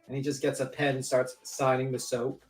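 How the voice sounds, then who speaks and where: A man's voice: mid-range voice, completely flat delivery, normal speed, faint music behind. A man on a live online panel, mocking and joking in casual chat. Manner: mocking, joking, riffs in impressions.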